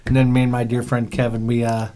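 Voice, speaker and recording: A man's voice: medium pitch, completely flat delivery, quick pace, warm tone. A man guest guitarist telling stories in a casual studio interview, in short, laid-back answers.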